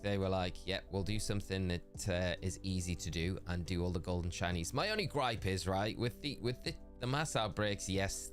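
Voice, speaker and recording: A young man streaming a game, chatting casually and in a friendly way with viewers and calling them "mate". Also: deep voice. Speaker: gaming streamer. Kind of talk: casual live-stream chat.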